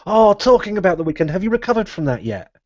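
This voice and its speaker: A man's voice: high voice, sing-song, quick pace, no room sound. A man hosting a live podcast, rambling casually and laughing often. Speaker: podcast host. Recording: dull lo-fi live stream audio.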